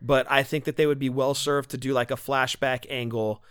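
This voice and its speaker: A man's voice: medium pitch, level tone, normal speed, fairly bright tone, clean tone, dry recording, studio quality. A man co-hosting a casual podcast chat, enthusiastic and emphatic. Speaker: podcast co-host.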